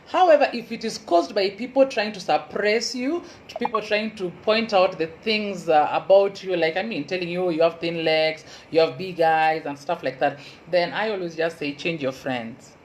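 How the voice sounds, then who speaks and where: A woman with a Kenyan Luo accent, a university lecturer giving an earnest motivational talk and repeating key advice slowly for emphasis. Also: fairly low pitch, slight background noise, low-quality recording.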